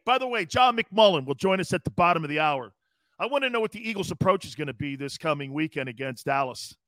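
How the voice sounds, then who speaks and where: Brash jokey sports-talk host, high voice. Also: male voice, fairly bright tone, dry recording. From East Coast US. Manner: brash, jokey, reads chat comments aloud and laughs often. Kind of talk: casual sports radio talk.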